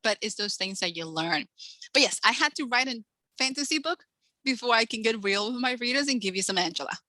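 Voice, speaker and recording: A woman in her forties, an author, chatting in an interview and acting out quotes from her stories with lively energy. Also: a little high, brisk, dry recording, rough recording. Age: 40s. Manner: animated storyteller acting out quotes. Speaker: author, guest. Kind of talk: casual interview chat.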